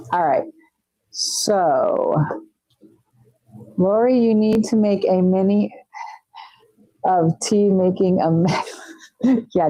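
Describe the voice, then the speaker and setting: Chatty woman with a dark, dry voice. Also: fairly low pitch, no room sound, poor audio. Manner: chatty, teasing, talks to chat while working. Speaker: nail artist streamer. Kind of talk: casual live-stream chat. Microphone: wireless mic.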